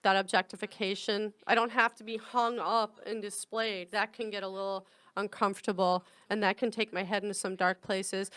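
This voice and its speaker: A woman's voice: fairly high pitch, moderate pace, pushed and bright, smooth, no room sound. A middle-aged woman hosting a comedy podcast, talking frankly and chattily in a casual monologue and laughing often. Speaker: podcast host.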